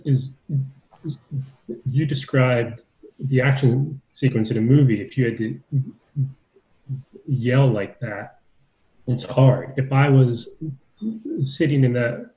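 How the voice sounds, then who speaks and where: A man, a journalist guest, who stutters and speaks in slow, deliberate phrases with pauses on a video call. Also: medium pitch, fairly even intonation, warm tone. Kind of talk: answering questions on a video panel. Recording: roomy, dull lo-fi video call audio.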